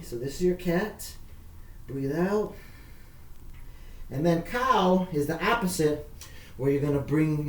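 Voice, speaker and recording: Man as a kids' yoga teacher, unhurried, slightly high voice, encouraging repeated cues, echoey room with a distant mic. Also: a little mellow, slight background noise. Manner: encouraging, repetitive coaching cues. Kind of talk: guided workout instruction.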